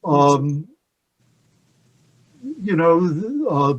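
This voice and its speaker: An older man, a guest poet, chatting on a video call, halting with many restarts and slowing down to read poems aloud. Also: fairly high pitch, steady tone, dull audio. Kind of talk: casual discussion with poetry readings.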